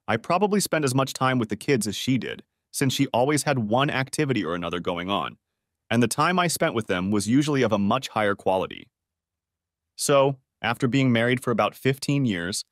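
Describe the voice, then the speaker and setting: A man's voice: mid-range voice, no room sound. Man narrating a story, dry close sound. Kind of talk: first-person story narration.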